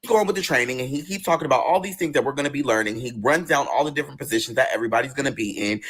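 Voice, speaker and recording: Husky, fast-talking young man telling a story. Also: medium pitch. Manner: profane, animated, acts out quotes in other voices. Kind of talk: casual storytelling.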